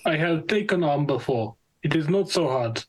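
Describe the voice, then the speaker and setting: A man doing a cold Russian leader figure, speaking in clipped broken English. The delivery is flat and menacing, with the voice sitting a little high. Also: normal speed, lightly acted, rough recording. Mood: deadpan. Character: impression of a Russian president, deadpan, menacing.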